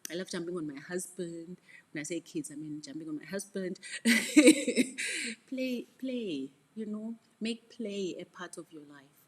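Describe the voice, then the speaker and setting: A middle-aged woman coaches her listeners in a frank, reflective motivational talk. Her voice sits low and slightly husky. She often repeats words and drops into soft asides. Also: normal speed. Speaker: mentorship coach.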